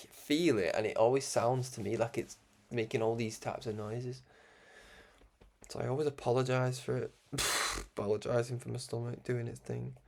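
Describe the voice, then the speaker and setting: A man with a Scouse accent speaks in a gravelly voice at a middling pitch. He rambles through a reflective monologue, doubling back on his words and chuckling softly between thoughts. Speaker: broadcast host.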